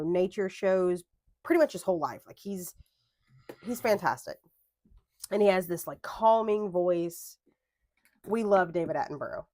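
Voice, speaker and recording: A young adult woman, a planner vlogger, chats casually while crafting at her home desk, drifting into tangents and correcting herself along the way. Her voice sits on the low side with a darkish tone, and there's no room sound.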